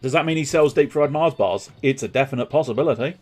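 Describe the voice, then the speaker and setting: A man's voice: medium pitch, fast talker, darkish tone, soft background music. A man streaming a game playthrough, rambling and joking with casual swearing. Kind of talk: live game playthrough commentary.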